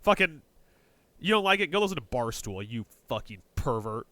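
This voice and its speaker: There's no echo as a medium-pitched male co-host talks at a moderate pace. Joking around on a casual sports podcast, he leads the segments, swearing and slipping in punning asides with excitable energy.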